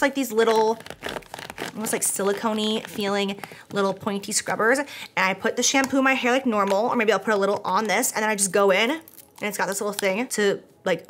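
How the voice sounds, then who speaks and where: A woman's voice: mid-range voice, a bit bright, slight background noise. A young woman talks straight to camera in a home vlog, reviewing products she loves. She gushes and chatters freely, with filler words and casual swearing throughout. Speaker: beauty vlogger.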